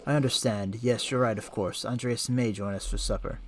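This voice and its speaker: A man's voice: mid-range voice, steady tone, fairly quick, slight background noise, close to an everyday voice. A man voicing an anxious abbot eager to please a noble patron in a video game. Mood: placating. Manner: placating.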